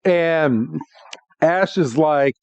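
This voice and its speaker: A man with a slightly high voice talks slowly through a casual recap of a cartoon, laughing often and dropping into goofy character voices. The recording is dry with no room sound and sounds a bit dull, like a basic home podcast mic. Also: creaky, a little mellow, clean tone, no room sound. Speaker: podcast co-host.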